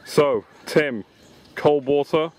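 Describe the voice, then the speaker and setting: A man's voice: a little high, takes it slowly, darkish tone. Casual male vlogger, jokey and profane, on the camera mic at an outdoor pool. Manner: joking, swearing, laughing often. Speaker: vlogger filming a friend on an inflatable. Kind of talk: casual chat. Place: outdoor swimming baths. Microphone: handheld camera mic.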